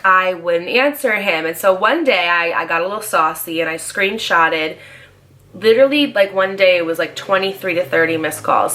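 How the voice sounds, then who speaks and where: A woman in her twenties tells a casual storytime vlog in a lowish, sharp voice. She's chatty and fast, leaning hard on "like" as a filler.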